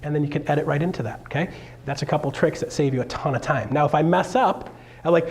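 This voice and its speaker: Energetic, joking man on stage. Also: fairly high pitch, fast talker. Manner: energetic, joking, with sudden loud bursts. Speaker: realtor giving a seminar talk. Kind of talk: live motivational seminar talk. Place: stage in front of a live audience.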